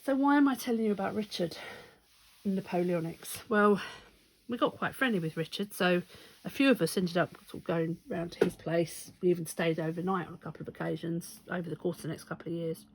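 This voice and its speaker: A woman's voice: on the low side, brisk. A woman telling a rambling, amused anecdote in a casual vlog, often correcting herself as she goes. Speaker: stitching vlogger.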